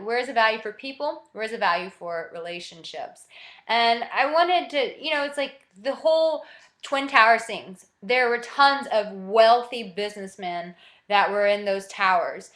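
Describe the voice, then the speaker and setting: A woman's voice: on the high side, fairly bright tone. A young adult woman hosting a personal monologue, candid and emphatic, repeating phrases for emphasis. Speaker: host.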